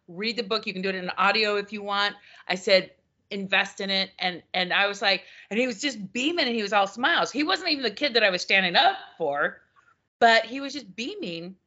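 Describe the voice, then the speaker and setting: A woman co-hosting a podcast in casual chat, telling stories and acting out what people said. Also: medium pitch. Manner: animated storyteller, acts out quoted exchanges. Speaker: podcast co-host; former customer service manager. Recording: dull lo-fi audio.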